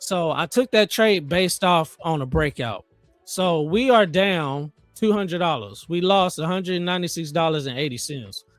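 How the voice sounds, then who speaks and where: A man hosting a live trading stream, chatting casually in an animated, joking, motivational way. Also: a little high, measured pace, no room sound, soft background music. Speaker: trading livestream host.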